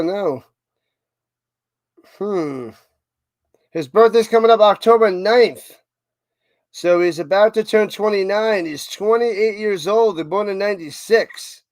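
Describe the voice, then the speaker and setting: Streaming a watch party, a New York–accented man calls plays excitedly and tosses chatty asides to his viewers while reading chat. He speaks in a high voice at a slow pace with long pauses, and there's no echo.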